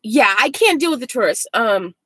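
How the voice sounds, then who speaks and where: A woman's voice: a little high, sing-song, moderate pace, fairly bright tone, breathy edge, dry recording. A woman in her forties, from the United States, chatting casually and rambling with viewers in a van-life vlog. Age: 40s. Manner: chatty and rambling, many likes and ums. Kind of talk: casual live chat with viewers.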